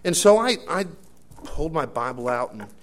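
A man preaching a sermon, telling a personal story with many fillers and restarts, moving between hushed asides and loud emphatic bursts. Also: on the high side, big pitch swings, a little fast, slight background noise. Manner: rambling anecdotal delivery with many fillers and restarts.

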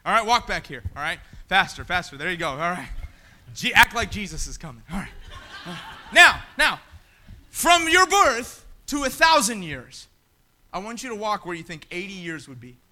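A man preaching a sermon in a church, swinging between shouted appeals and quiet asides. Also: sits high, big pitch swings, normal speed. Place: church sanctuary.

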